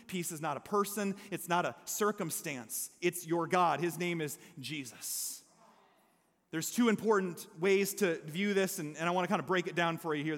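A male pastor preaching a conversational sermon to his congregation, mixing humor with earnest emphasis and checking in with "okay?" and "amen?". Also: sits high. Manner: lively storyteller who mixes humor with earnest emphasis. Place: church service before a congregation. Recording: long hall reverb.

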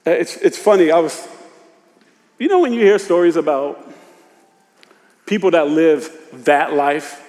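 High-voiced preacher man in a reverberant hall. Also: expressive, a little slow, long pauses. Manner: swings from hushed confession to shouted exhortation; informal Southern-tinged preacher speech, "y'all" and "ain't". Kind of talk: sermon.

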